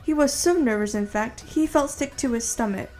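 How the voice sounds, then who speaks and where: A woman's voice: fairly high pitch, moderate pace, a little mellow, faint music behind. Woman reading fan fiction aloud. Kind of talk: second-person fan-fiction narration.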